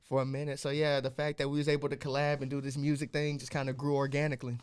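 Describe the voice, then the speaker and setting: A man's voice: mid-range voice, fast, smooth. A man from Texas, a musician guest who explains things steadily and often ends his phrases with "or so". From Texas, USA. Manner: steady, explanatory, says "or so" a lot. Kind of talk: casual interview chat.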